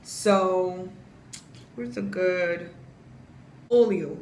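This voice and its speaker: A woman's voice: medium pitch, measured pace, a bit bright. A young woman from the United States, chatting casually as she explains pronunciation and spells words out letter by letter. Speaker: vlogger teaching Portuguese pronunciation. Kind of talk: casual vlog lesson. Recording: echoey room with faint ambient noise.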